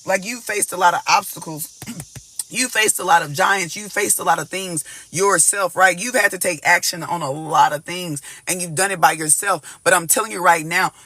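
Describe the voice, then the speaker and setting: A man's voice: high voice, moderate pace, dry recording. A man giving a casual collective tarot reading to viewers. He talks emphatically, keeps saying "y'all" and "like," and sometimes sings short lines of gospel songs. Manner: animated, emphatic, repeats "y'all" and "like" constantly; breaks into snatches of gospel song. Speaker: tarot reader.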